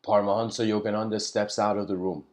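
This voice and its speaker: A man giving a reflective spiritual lecture, telling stories slowly with pauses and letting his voice trail off quietly. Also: fairly low pitch, level tone. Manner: unhurried storytelling with pauses.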